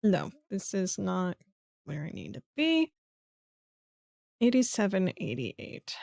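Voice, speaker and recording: A woman's voice: medium pitch, wildly swooping pitch, slow pace, vocal fry, darkish tone, no room sound, studio quality. A woman streamer thinking aloud as she works through a puzzle game, muttering to herself and swearing when she gets frustrated. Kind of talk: casual live game commentary.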